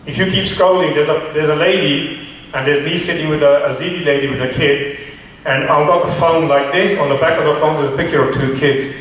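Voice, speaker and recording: A man, a charity founder, recounting a story in a radio interview in an earnest, halting way with many restarts. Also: fairly high pitch, fairly even intonation, a bit bright. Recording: echoey room, far from mic, faint hiss.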